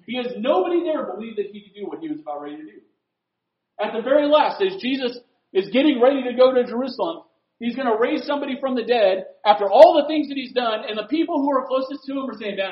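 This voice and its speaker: Male pastor, high and lively voice, preaching in an echoey room. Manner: animated preaching, swings from loud to hushed. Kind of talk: sermon. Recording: echoey room, dull lo-fi sound.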